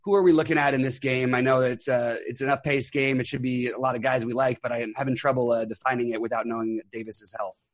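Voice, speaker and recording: A man's voice: mid-range voice, fairly even intonation, dry recording, clean studio sound. A man hosting a fantasy sports podcast over an internet call, upbeat and full of fillers. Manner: quick, upbeat, many fillers. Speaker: podcast host.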